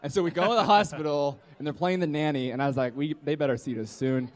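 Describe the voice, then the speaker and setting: Young man, comic storyteller, fairly high voice, rambles and acts out his friends' lines. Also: fast. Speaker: storyteller at a live comedy podcast. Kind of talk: live comedic storytelling. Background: live audience laughter.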